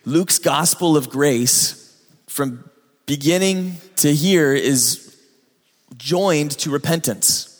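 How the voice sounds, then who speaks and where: A man's voice: on the high side, takes it slowly. A man preaching a sermon as a pastor, telling the story conversationally with asides to his listeners. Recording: echoey hall reverb.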